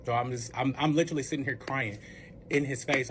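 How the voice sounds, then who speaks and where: A man with a medium-pitched, steady voice tells a personal story at a quick pace, swearing freely and stuffing his speech with filler words. He acts out both sides of the dialogue in this casual storytime, with background noise behind him.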